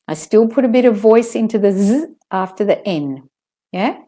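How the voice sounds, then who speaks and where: A woman teaching pronunciation in an online lesson, calmly drilling word pairs and sentences. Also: medium pitch. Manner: slow, careful drills with clear word pairs.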